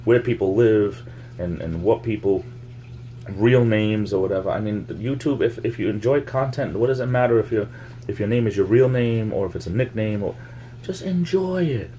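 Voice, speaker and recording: A man with a very low voice talks loosely to his viewers, wandering from thought to thought and circling back on the same phrases. He makes up words now and then. A faint hum sits under the recording. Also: normal speed, warm tone. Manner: meandering, repeats phrases, coins words. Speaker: YouTube vlogger. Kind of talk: casual rambling monologue to camera. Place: home, near the laundry.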